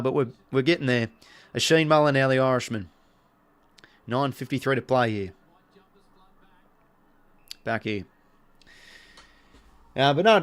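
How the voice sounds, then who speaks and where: An Australian man giving casual live play-by-play commentary on a stream, chatting to viewers between calls. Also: mid-range voice.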